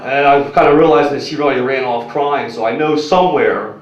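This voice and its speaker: A man's voice: mid-range voice, a little fast. A young man doing a stand-up set, rambling and crude, full of "like" and "you know", talking to the crowd. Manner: crude, rambling, filler-heavy delivery. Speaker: stand-up comedian. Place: comedy club stage. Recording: echoey, muffled room recording from a distance.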